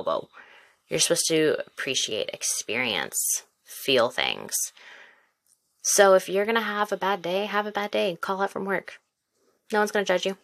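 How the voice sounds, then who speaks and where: A woman's voice: low voice, fairly bright tone, no room sound. A woman in her twenties hosting a casual solo podcast, talking candidly and encouragingly straight to the listener. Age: 20s. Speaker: podcast host; mother and former teacher.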